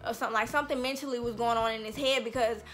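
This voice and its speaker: A woman's voice: fairly high pitch, fairly even intonation, very fast, fairly bright tone, faint music behind. A woman vlogger telling a personal story in a casual storytime vlog, blunt, profane and heated.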